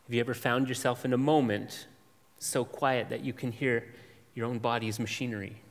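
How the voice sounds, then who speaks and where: A man's voice: mid-range voice, little pitch movement. Man preaching in a reverberant hall. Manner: measured, emphatic preaching with dramatic pauses and lists. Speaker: pastor. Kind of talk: expository sermon.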